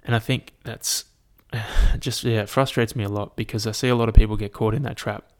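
Low-voiced profane podcaster. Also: male voice, steady tone, a little fast. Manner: casual and profane, lots of fillers. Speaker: podcast host. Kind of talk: solo podcast rant and storytelling.

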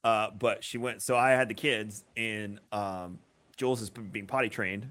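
Animated man telling stories with bright tone. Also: fairly low pitch, moderate pace. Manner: animated storyteller who acts out voices loudly; swears freely. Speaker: podcast co-host. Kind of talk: casual chat.

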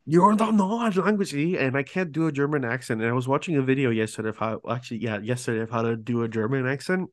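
A man's voice: medium pitch, fast talker, few pauses, dry recording. A man hosting a podcast, reading prepared narration with casual asides and stumbling over foreign words. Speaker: podcast host.

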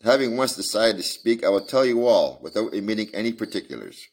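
Storybook mother, anxious and pleading, read by a man; low voice nudged upward. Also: big pitch swings, a little fast, husky, heavily acted. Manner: pleading, agitated. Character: Mrs. Carpentier, distressed older mother.

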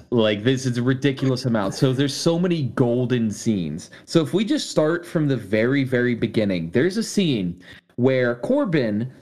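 A man's voice: mid-range voice, a little mellow. A man co-hosting a casual movie review podcast, teasing and swearing freely. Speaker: podcast co-host.

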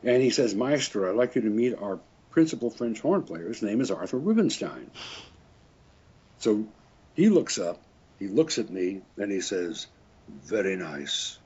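His voice is on the low side and sing-song, moderately paced, with a darkish, slightly rough tone. An older French horn player, he tells rambling stories in a casual interview, frequently chuckling and self-correcting. The recording is dull and lo-fi.

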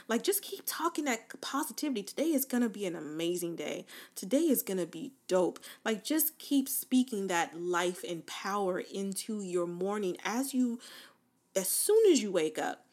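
A woman giving a casual, encouraging motivational talk, leading the listener through spoken affirmations with relaxed slang. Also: mid-range voice, moderate pace. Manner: informal slang, fillers like "like" and "right?". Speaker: self-help speaker.

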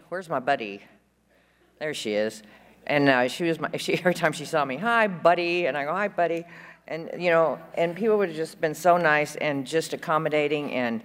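A woman's voice: low voice, smooth. Woman at a conference podium, chatty and rambling, large reverberant hall. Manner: chatty, rambling, fond, with frequent fillers and laughs. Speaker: conference speaker. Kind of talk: recovery share at a conference.

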